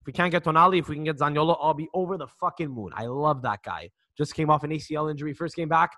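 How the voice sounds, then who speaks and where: A man co-hosting a casual sports podcast, his voice a touch high with a bright, sharp edge. He rambles through his points and keeps restarting sentences. He swears casually as he goes. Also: fast talker. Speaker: podcast co-host.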